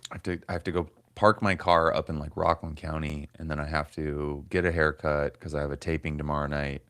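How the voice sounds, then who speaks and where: Low-voiced grumbling man in his forties. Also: flat delivery, fairly quick, fairly bright tone, clear, resonant tone, no room sound, clean studio sound. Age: 40s. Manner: rambling, profane, grumbling. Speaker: comedian livestream host. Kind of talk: casual livestream chat.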